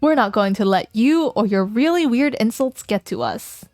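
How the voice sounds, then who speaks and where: A woman's voice: on the high side, animated, normal speed, darkish tone, no room sound, studio quality, soft background music. A woman streamer reading a dating game aloud in a playful, casual way, chatting with her viewers between lines. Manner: playful, laughs often, reads game text aloud.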